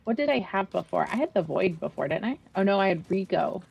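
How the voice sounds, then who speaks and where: A woman's voice: mid-range voice, animated, fast, gravelly, a little mellow, husky, dull audio. A woman playing a co-op video game, chatting matter-of-factly and reading out item stats. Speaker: co-op player. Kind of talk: casual gameplay chat.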